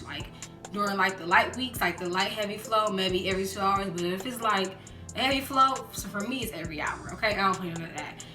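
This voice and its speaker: A young woman chatting casually in a storytime vlog, acting out quotes in lively voices. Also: mid-range voice. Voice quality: animated, acts out quotes in voices. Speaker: vlogger. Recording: roomy echo with background music.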